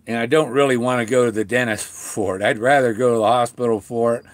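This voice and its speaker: A middle-aged man chatting on a home livestream, halting and full of restarts, talking with a sore mouth after tooth extractions. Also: medium pitch, fairly even intonation, no room sound. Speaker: vlogger talking to live viewers. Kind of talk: rambling casual livestream chat. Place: at home, indoors.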